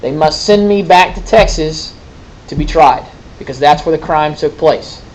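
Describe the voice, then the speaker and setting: A man's voice: on the high side, normal speed, darkish tone, rough recording. Male teacher quizzing a class. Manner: conversational, quizzing students, folksy asides. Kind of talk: classroom lecture with questions.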